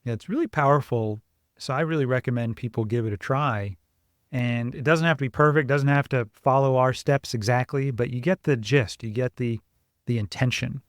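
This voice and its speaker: A man co-hosting a parenting podcast, explaining ideas in a casual, animated way and acting out family scenes. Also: medium pitch, moderate pace, dry recording, clean studio sound. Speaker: podcast co-host, parenting coach.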